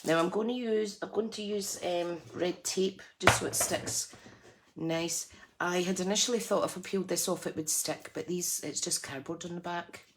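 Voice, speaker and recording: A woman's voice: fairly low pitch, steady tone, moderate pace, noisy background. A woman hosting a live crafting tutorial, chatty and self-deprecating, laughing often as she works. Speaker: craft channel host.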